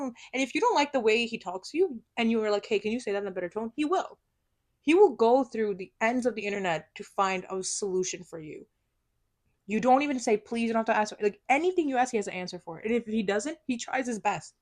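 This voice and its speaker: Animated young woman podcast co-host. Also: fast. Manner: animated, laughs often, breaks into high squeals when excited. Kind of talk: casual chat.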